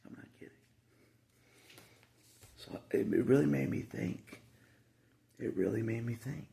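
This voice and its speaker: A man's voice: fairly low pitch, big pitch swings, a little slow, gravelly, dark tone. A man talking casually to the camera in a rambling monologue, repeating himself with frequent asides.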